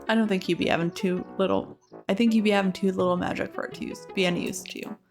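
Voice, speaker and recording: A woman putting on a talkative old hermit man from a video game, who rambles on happily in broken, folksy grammar. His voice sits at a middling pitch for a woman, with faint game music underneath. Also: steady tone, quick pace, natural voice. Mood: cheery rambling. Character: chatty old male cave hermit.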